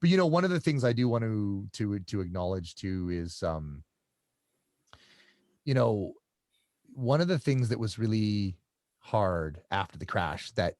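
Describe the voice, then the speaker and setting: Lively, low-voiced man. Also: no room sound, studio quality. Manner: halting, repeats words, restarts often. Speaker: guest. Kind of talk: casual interview storytelling.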